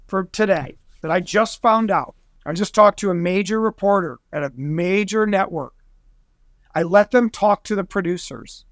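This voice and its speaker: A man guesting on a podcast, telling a story in an excitable, rambling way and acting out other people's voices. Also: high-pitched, dry recording, clean studio sound. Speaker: guest investigator. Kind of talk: animated storytelling in conversation.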